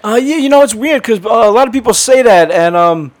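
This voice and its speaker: A man's voice: very high voice, animated, fairly quick. A man with a New York accent hosting a casual podcast chat, joking and swearing. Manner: joking, profane. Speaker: podcast host.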